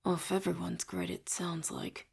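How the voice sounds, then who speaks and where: A woman voicing a brooding young male mage who mutters in a low, half-whispered way, sardonic and bored. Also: a little slow, gravelly, darkish tone, slightly rough, exaggerated voice.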